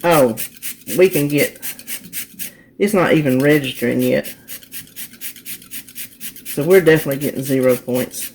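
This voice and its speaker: A woman's voice: extremely low pitch, normal speed, long pauses, darkish tone, a little hiss or hum. A woman hosting her own cooking channel, chatting viewers through each step of a recipe in her home kitchen. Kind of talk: casual cook-along demonstration.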